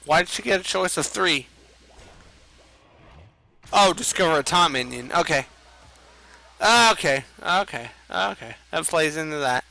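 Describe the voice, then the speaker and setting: A man's voice: on the high side, expressive, a little slow, creaky, long pauses, bright, forceful tone, low-quality recording. A young man streaming a card game, rambling and swearing as he reacts to the plays. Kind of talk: casual gaming commentary.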